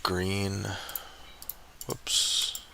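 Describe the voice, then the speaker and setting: A low-voiced man speaks very slowly in a creaky monotone over heavy background noise while live-streaming a roulette-style game. As he plays and comments casually, he mutters to himself and grumbles in frustration whenever a bet misses.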